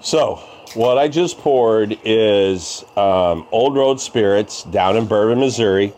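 A man co-hosting a podcast in casual chat, relaxed and easygoing with trailing fillers. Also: on the low side, takes it slowly, slight background noise. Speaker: podcast co-host.

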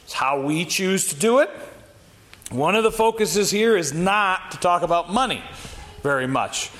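A man's voice: sits high, animated, a little slow, fairly bright tone. Man teaching a Sunday school Bible class. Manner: reads scripture aloud, then talks it through plainly, asking the class questions. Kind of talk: Bible lesson.

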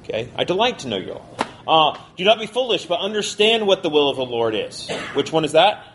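A man teaching a college Bible class, talking quickly and conversationally and putting questions to his listeners. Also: fairly high pitch, a little hiss or hum.

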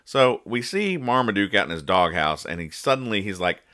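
A man's voice: lowish voice, animated, normal speed, bright, forceful tone. A man hosting a casual podcast, rambling, joking and explaining each punchline. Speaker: podcast host reading comics. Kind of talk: casual comedic podcast chat.

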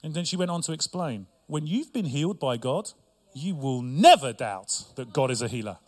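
A man's voice: a little high, sing-song, normal speed. A middle-aged male pastor preaching a sermon with humor and asides to his congregation.

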